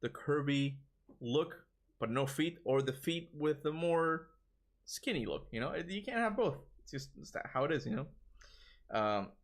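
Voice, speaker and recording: Rambling tired streamer with a Toronto accent. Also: male voice, fairly high pitch, lively intonation, measured pace. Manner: rambling, stammering restarts, frequent chuckles. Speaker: gaming streamer. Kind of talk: casual livestream chat.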